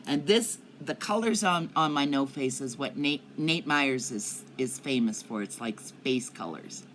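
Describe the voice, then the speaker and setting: Slow, low-voiced older woman vlogger. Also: fairly bright tone, a little hiss or hum. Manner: chatty and rambling, with frequent coughing. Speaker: cannabis vlogger. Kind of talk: casual chat to camera. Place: at home in Colorado.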